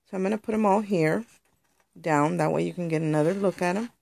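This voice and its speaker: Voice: medium pitch, fairly quick, gravelly, a little mellow. A crafter chatting through a casual show-and-tell tutorial on handmade jewelry, rambling and explaining step by step.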